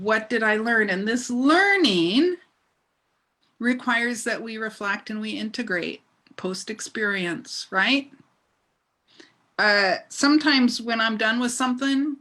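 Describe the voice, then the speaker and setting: A woman's voice: fairly high pitch, a bit bright. A middle-aged woman minister giving a sermon, telling a story with laughter and asking her congregation questions.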